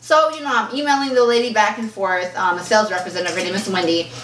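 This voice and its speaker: A woman's voice: mid-range voice, fast. Chatty woman vlogger, roomy distant sound. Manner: chatty, animated storyteller who acts out quoted exchanges. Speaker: fashion vlogger. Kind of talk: casual unboxing chat. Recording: roomy echo, mic at a distance, faint kitchen clatter.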